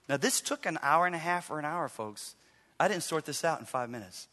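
A middle-aged man preaching a sermon as a pastor, telling a story with animated acted-out quotes. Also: high-pitched, fairly quick. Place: church sanctuary. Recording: reverberant live church hall.

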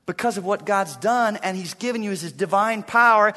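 A man preaching a sermon as a pastor, emphatic and swinging between soft and loud passages. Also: sits high, a little fast, hardly any pauses, big-room sound.

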